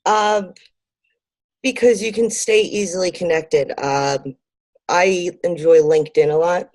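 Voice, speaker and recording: A woman with a low, mellow voice answers interview questions in a relaxed, rambling way, full of ums and little laughs. The sound is dry and close. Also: slow, no room sound. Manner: lots of ums and fillers, laughs easily. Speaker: interview guest, marketing business owner. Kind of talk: conversational interview.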